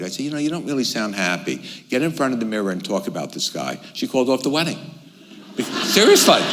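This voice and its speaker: A middle-aged man giving a workshop lecture, animated, firing off rhetorical questions and personal anecdotes. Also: on the low side. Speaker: workshop presenter. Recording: reverberant hall.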